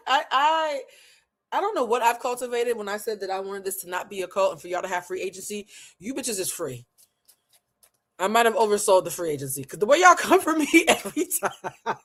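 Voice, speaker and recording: A woman giving a live-stream tarot reading, animated, blunt and playful, talking to viewers in casual slang and laughing often. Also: medium pitch, brisk. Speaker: tarot reader.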